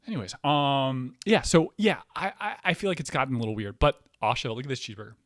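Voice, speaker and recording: A man hosting a casual podcast, rambling excitably with lots of fillers, restarts and swearing. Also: mid-range voice, fast, hardly any pauses, no room sound, clean studio sound. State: hyper, excitable. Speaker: podcast host.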